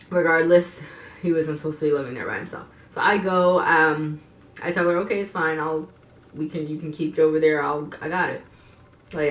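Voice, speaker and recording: A woman in her twenties telling a personal story to her viewers, blunt and frank, swearing freely and turning to the audience with asides. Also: low-pitched. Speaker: vlogger. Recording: echoey room.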